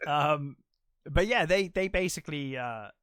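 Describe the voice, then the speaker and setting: A man's voice: on the high side, animated, slow, a bit bright, clean tone, dry recording, studio quality. A man co-hosting a casual film podcast, rambling through a plot retelling with lots of fillers and acted quotes. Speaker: podcast co-host.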